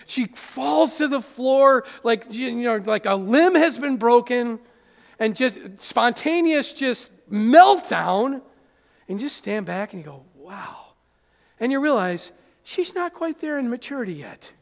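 A man preaching a sermon as pastor in a church, animated and acting out little scenes. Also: very high-pitched, a little slow, vocal fry. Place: church sanctuary. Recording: church hall reverb.

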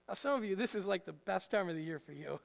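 A man preaching a sermon in a conversational way, joking with the congregation and hitting words with sudden loud emphasis. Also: high-pitched, animated, fast, creaky. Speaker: pastor. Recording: long hall reverb.

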